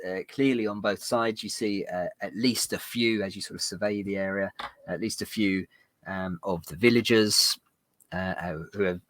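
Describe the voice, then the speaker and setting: A man narrating as game master of a tabletop game, rambling and halting with many fillers. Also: fairly low pitch, fairly bright tone, no echo.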